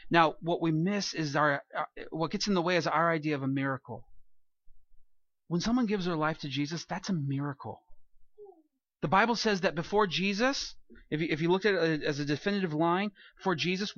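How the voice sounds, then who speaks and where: High, bright-voiced preaching man. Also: no room sound, muffled recording. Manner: animated, rhetorical questions, acts out quoted voices. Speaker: pastor. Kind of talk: sermon.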